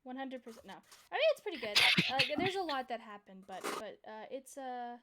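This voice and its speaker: A woman's voice: on the high side, sing-song, moderate pace, a crowd in the background. Chatty young woman hosting a stream. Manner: chatty, rambling, many restarts. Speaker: streamer and host. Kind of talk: casual chat during a game stream.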